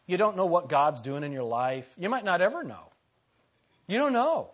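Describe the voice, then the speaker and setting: Man, pastor preaching a sermon, fairly high voice, repeats phrases, questions to the congregation, swings between loud and soft. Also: very animated, moderate pace.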